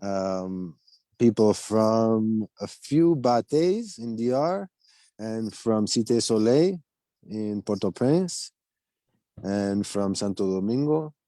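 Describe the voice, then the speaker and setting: A man's voice: fairly low pitch, expressive, slow, mellow, dry recording, rough recording. A man speaking as a guest on a video call, recalling past trips in a rambling, hesitant way. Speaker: guest, former program leader. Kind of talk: casual interview chat.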